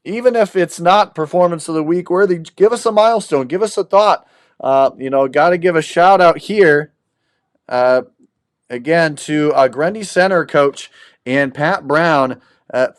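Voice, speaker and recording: Friendly male sports host, fairly high voice, upbeat sign-off delivery. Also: no echo, clean studio sound. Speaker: host of a high school baseball show. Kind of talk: podcast sign-off.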